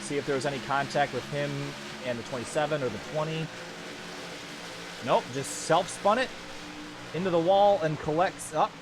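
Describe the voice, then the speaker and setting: A man calling an online truck race as lead commentator, chatty and self-deprecating, jumping up in pitch when the action picks up. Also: normal speed, long pauses, noisy background. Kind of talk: sim racing play-by-play commentary.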